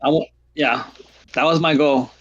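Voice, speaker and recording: A man hosting a livestream, chatting casually and telling rambling stories with halting restarts. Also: on the high side, steady tone, lo-fi sound. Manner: rambling storyteller, laughs often, halting restarts. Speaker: stream host. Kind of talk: casual chat.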